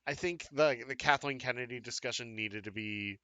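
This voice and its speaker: This man co-hosts a live-stream fan talk show, talking loosely with frequent fillers and restarts. He has a mid-range, fairly bright voice at a normal pace, recorded clean and dry.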